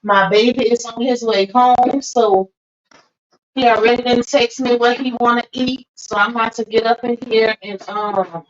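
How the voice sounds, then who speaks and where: A woman's voice: on the high side, steady tone, normal speed, no echo. A woman hosting a casual livestream, greeting viewers by name in a chatty, laughing way, a little under the weather. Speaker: livestream host. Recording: dull lo-fi stream audio.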